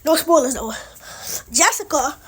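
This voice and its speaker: A woman's voice: sits high, expressive, measured pace, a bit bright. A woman casually narrating a made-up story from a small recording closet, rambling with chatty asides.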